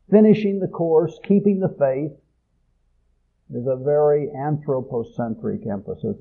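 A man preaching a sermon, swelling loud on key phrases and dropping low at the ends. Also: husky. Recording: tinny phone-like audio.

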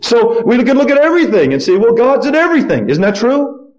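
A man's voice: sing-song, a little fast, dull audio. A man preaching a sermon, reading verses aloud and stretching words for emphasis, his voice rising and falling widely. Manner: preaching with wide swings of pitch and loudness, stretched emphatic words. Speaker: pastor.

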